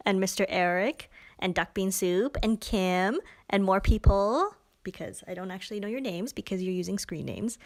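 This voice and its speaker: A woman's voice: mid-range voice, normal speed. A woman hosting a casual live stream from a pen shop, chatty and giggly, with self-mocking asides as she demonstrates inks. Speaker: live-stream host demoing pens and ink.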